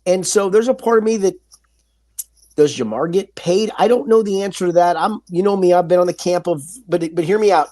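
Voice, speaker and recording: High-voiced emphatic podcast host. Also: male voice, a little fast. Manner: animated, emphatic, stumbles and restarts. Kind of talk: casual sports talk.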